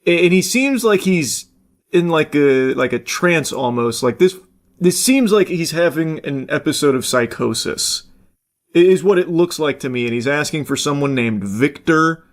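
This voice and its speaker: A man's voice: on the high side, animated, normal speed. A man hosting a casual reaction commentary, rambling along with jokey asides and casual swearing. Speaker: host.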